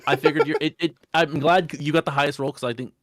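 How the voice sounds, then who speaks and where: A man's voice: on the high side, steady tone, no room sound. A man running a tabletop game as game master, chatting playfully with his players before the session and drawing out his punchlines. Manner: playful, jokey, drawn-out emphasis. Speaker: dungeon master. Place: home setup for an online stream.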